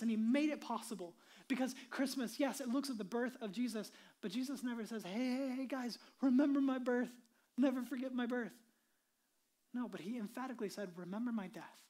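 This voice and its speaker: A woman pastor giving an earnest, conversational sermon, dropping into a soft hushed delivery on solemn points. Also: a little high. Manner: earnest, conversational preaching with many "like" asides.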